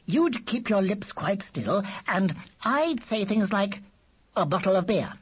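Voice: medium pitch, very animated, unhurried, breathy edge, pitched above the performer's own voice. A reader voicing a clever talking baby boy who speaks in a dry, patient, know-it-all way. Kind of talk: audiobook character voice.

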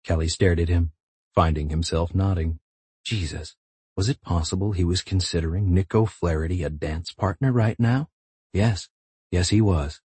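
A man reads a novel aloud in a measured, intimate way. His voice is very low, dark and husky. The recording is dry and close with no room sound. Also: steady tone, dry recording. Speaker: audiobook narrator. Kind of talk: scripted narration.

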